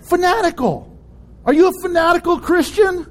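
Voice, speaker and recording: A male pastor preaching a sermon in an animated way, laughing often and acting out voices in his stories. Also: very high voice, a little fast.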